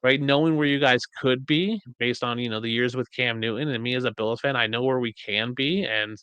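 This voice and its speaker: Bright-voiced man hosting a podcast. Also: medium pitch, brisk, smooth, no echo. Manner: animated storyteller, acts out quotes. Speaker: podcast host. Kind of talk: casual chat.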